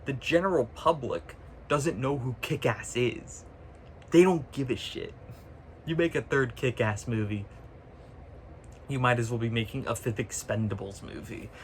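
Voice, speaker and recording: A man of ordinary pitch rants casually and sarcastically to his viewers, cursing freely and breaking into laughs. He sounds like he is filming himself on a phone, with a faint hum of room noise behind him. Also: unhurried. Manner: ranting, sarcastic, swears freely; laughs often mid-sentence. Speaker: vlogger. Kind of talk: casual chat.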